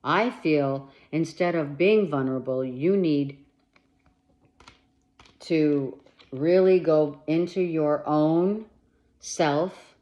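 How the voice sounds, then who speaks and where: A woman's voice: low voice, very slow, long pauses, mellow. A woman gives a monthly tarot reading in a blunt, emphatic way, swearing freely as she urges the listener to stand firm. She takes her time with each phrase. The recording sounds dull and lo-fi. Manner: talks straight to the listener with urgent reassurance. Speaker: tarot reader.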